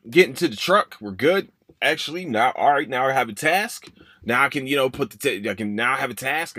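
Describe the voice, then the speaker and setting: In a dry recording, a young podcast host speaks in a low-leaning voice that's bright and forceful. His casual storytelling wanders, he curses and apologizes, and he plays out his own earlier thoughts aloud.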